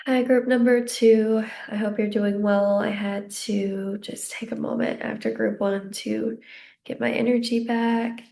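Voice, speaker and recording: A young woman giving a casual psychic tarot reading, a little out of breath, gentle and reassuring as she rambles with fillers. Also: fairly high pitch, level tone, unhurried, vocal fry, a little hiss or hum. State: slightly out of breath. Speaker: tarot card reader.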